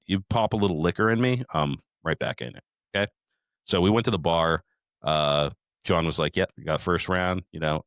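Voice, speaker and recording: Middle-aged male podcast host, deep voice, dry close mic, profane rambling storyteller. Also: dry recording. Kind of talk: casual recap chat.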